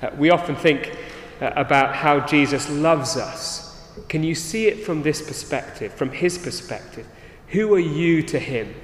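A man's voice: a little high, animated, unhurried. A man preaching a sermon, earnest, often restarting his sentences. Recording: roomy hall reverb.

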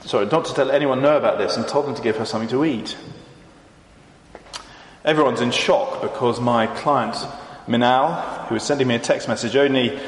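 A man delivers a sermon at a measured pace, reading verses and explaining them. His mid-range voice rings out in a roomy hall with a long tail of reverb. A faint murmur of ambience sits underneath. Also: medium pitch, slight background noise. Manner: measured expository preaching, reading verses aloud. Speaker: preacher.

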